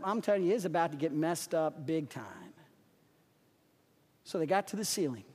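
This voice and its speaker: A man preaching a sermon as pastor, telling the story in an animated way and acting out the characters. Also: on the high side, normal speed, pauses often. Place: church sanctuary. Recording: long reverb of a church sanctuary.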